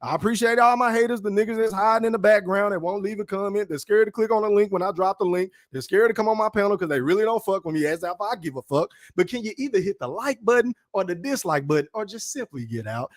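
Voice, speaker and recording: A man's voice: high-pitched, fast talker, few pauses, dry recording, studio quality. A man hosting his own podcast livestream, talking in a blunt, profane casual rant from his room and tagging his points with "right?". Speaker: podcast host.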